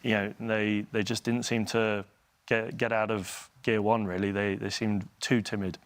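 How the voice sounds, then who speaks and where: A man co-hosting a sports show, giving measured, analytical football commentary. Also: lowish voice, little pitch movement.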